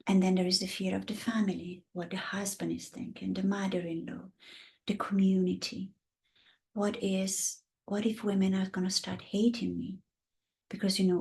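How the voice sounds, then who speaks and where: A woman's voice: on the low side, vocal fry, a little mellow. A woman in her fifties with an Italian accent, a guest and women's coach talking passionately in a casual interview. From Italy. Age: 50s. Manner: passionate, acts out the voices of the women she describes.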